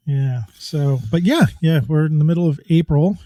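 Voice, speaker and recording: A man's voice: a little high, moderate pace, warm tone, no echo, studio quality. A middle-aged man co-hosting a podcast in casual chat, rambling and chatty and often laughing as he talks. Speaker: podcast co-host. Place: home, New York.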